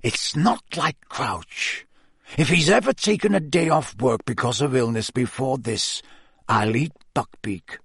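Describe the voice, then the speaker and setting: A man voicing a grim, brooding adult wizard in a storybook reading, speaking low, slow and bitter. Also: gravelly, fairly bright tone, husky, dry recording, clean studio sound, heavily acted.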